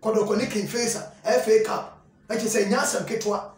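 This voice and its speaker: A man's voice: high voice, steady tone, a little fast. A man hosting a football talk show, commenting casually and animatedly, often repeating phrases and mixing in English words. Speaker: sports show host. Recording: echoey room, far from the mic.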